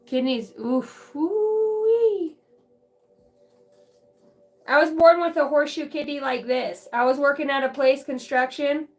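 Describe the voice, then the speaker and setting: A woman's voice: high voice, steady tone, normal speed, few pauses, faint music behind. A middle-aged woman on a vlog who chats in a rambling way, swears freely, laughs often and jumps from story to story. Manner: profane, laughs often, jumps between stories. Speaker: channeler and card reader. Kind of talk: rambling casual vlog chat.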